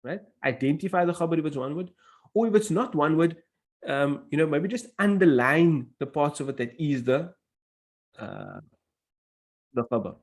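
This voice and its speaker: A man's voice: fairly high pitch, big pitch swings, normal speed. A man teaching an Arabic grammar class in English, explaining step by step and reading out Arabic phrases.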